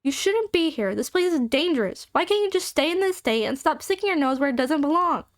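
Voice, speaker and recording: A cold, imperious boss woman who scolds and talks down to people, played by a woman reading aloud. Her voice is high and sharp-edged, and the recording is dry and close. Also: expressive, brisk, dry recording. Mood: scolding. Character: cold, haughty woman who runs the mine.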